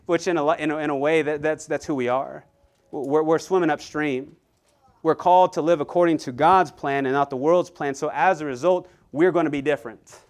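Male pastor, lively sermon delivery, smooth resonant voice, slightly high. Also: normal speed. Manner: animated preaching with frequent repetitions and asides to the congregation.

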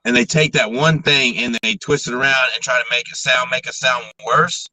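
A man's voice: mid-range voice, fairly even intonation, normal speed, bright, forceful tone, rough recording. A man guesting on a podcast, telling stories animatedly, acting out quotes and swearing. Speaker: guest content creator. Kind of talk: casual chat.

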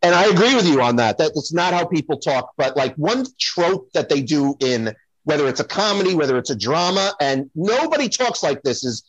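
A man hosting a podcast who talks in a playful, animated way while making his points. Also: on the high side, a little fast, dry recording, lo-fi sound. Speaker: host. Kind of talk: casual podcast chat.

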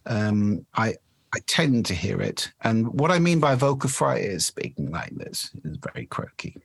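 A man with a lowish, slightly husky voice talks about how people speak, measured and articulate. He sounds like an expert guest in an interview. The recording is close and dry, with no room around him. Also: big pitch swings, dry recording. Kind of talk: conversational interview explanation.

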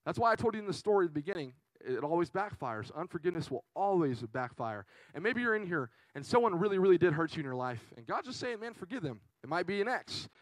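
A young man preaches a sermon in an earnest, emotional, conversational way, leaning on frequent fillers. His high, sing-song voice races along with few pauses. The audio is poor and dry, without echo, and faint guitar music sits behind him.

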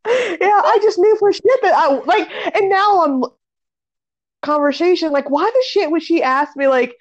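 A woman's voice: moderate pace, lo-fi sound. A woman telling a funny story in a casual chat, laughing often and raising her voice when she acts it out. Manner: laughs a lot, animated retelling with pitch jumps.

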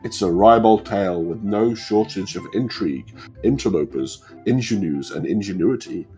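A man's voice: on the low side, moderate pace, mellow, soft background music, pitched below the performer's own voice, lightly acted. A man doing a pompous theatrical cat showman. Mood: grandiose. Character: grandiose male cat leading a theatre troupe. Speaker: game master.

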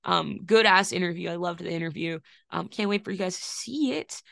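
A young woman co-hosting a music podcast, excitable and gushing, swearing a lot. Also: fairly low pitch, fairly quick, vocal fry, dry recording, studio quality. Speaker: podcast co-host. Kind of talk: casual music news chat.

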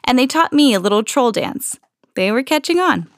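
A woman reading a children's storybook aloud in an expressive, storytelling manner. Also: fairly high pitch, normal speed, no room sound. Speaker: podcast host reading to children.

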